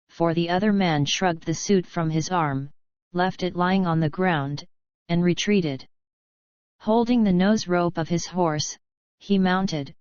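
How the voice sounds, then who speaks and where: A woman narrates an audiobook in a measured, even way. Her voice is low and smooth. The recording is dry and slightly dull. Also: no room sound.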